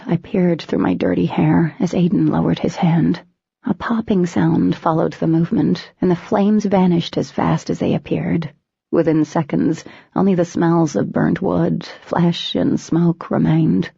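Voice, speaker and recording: A woman's voice: fairly low pitch, steady tone, measured pace, vocal fry, warm tone, slightly rough, no room sound. A woman reading a novel aloud in first person, with dramatic, tense storytelling. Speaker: audiobook narrator. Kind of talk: first-person scripted narration. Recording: dull lo-fi recording.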